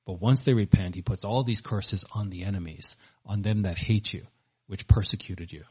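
Husky male preacher reading scripture. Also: lowish voice, moderate pace, darkish tone. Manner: reads scripture aloud with rising force between plain commentary.

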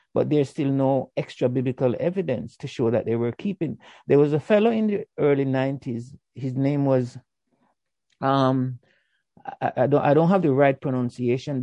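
Man, bible discussion, emphatic, mellow tone, dry sound. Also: mid-range voice, dry recording. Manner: earnest, emphatic, cites scripture. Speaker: bible study participant.

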